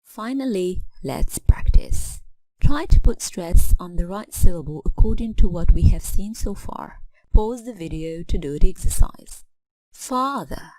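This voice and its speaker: A woman's voice: on the low side, expressive, unhurried, mellow, no echo, rough recording. A woman narrating a scripted English lesson, spelling out suffixes letter by letter and reading example words one at a time. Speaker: English teacher.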